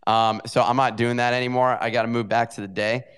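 A man co-hosting a casual show, talking in a halting way with many pauses and fillers. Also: medium pitch, level tone, fairly bright tone, smooth. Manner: hesitant, lots of uh and um. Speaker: co-host. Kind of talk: casual chat.

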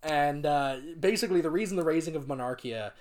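A man's voice: a little high, a little fast. A young man co-hosting a podcast who tells lore stories animatedly, with lots of swearing. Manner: animated storyteller, frequent swearing and acted quotes. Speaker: podcast co-host. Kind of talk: casual lore chat.

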